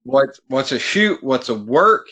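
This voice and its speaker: A male podcast guest sounds exasperated in casual chat, swearing freely and growing animated. His voice is mid-range and his pace unhurried.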